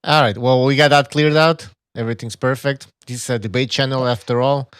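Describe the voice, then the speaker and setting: A man's voice: medium pitch, steady tone, a little fast, a bit bright, smooth, dry recording, studio quality. A man hosting a casual boxing podcast, a blunt, profane moderator who cuts people off and takes calls. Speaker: podcast host.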